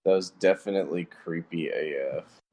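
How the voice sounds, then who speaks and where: A man's voice: low voice, moderate pace, mellow. A man playing in a tabletop game, bantering jokingly and swearing casually. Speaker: player.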